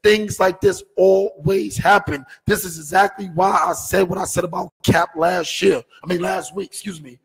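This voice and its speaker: Gravelly, husky, emphatic man. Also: high voice, moderate pace, hardly any pauses, in a large hall, poor audio. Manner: animated, emphatic, rhetorical questions. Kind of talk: casual sports talk.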